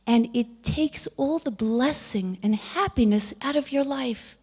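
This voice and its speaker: Slow-speaking woman giving a lecture. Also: high voice, a little mellow, breathy edge. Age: middle-aged. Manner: storytelling, acts out quoted dialogue; drops to a whisper for emphasis. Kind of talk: Torah lecture.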